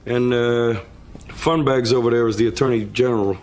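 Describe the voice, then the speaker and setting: A man's voice: mid-range voice, fairly even intonation, moderate pace, noisy background, close to an everyday voice. An actor playing a cheerful male official who keeps plugging a sponsor in a chirpy, salesy way.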